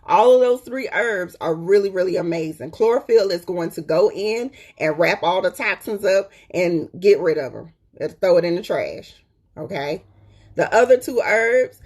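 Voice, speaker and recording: A woman talks in a loose, colloquial way to her viewers, calling them "y'all" and driving her points home by repeating them. Her voice sits fairly low and has a husky, breathy edge. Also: animated, normal speed, a little mellow. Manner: chatty and emphatic, repeats points, checks in with "okay?". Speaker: host. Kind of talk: casual live-stream chat.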